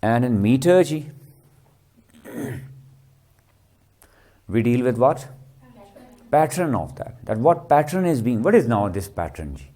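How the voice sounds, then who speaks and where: A man's voice: mid-range voice, sing-song, a little slow, long pauses, warm tone. A man giving a literature lecture, constantly asking the class rhetorical questions. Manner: keeps quizzing with rhetorical questions, tags "ji".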